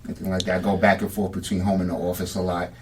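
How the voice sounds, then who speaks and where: A man's voice: low-pitched, monotone, very fast, a little hiss or hum. A man co-hosting a podcast in casual chat, laid-back and agreeable, mostly giving short replies. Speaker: podcast co-host. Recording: voice a bit far from the mic.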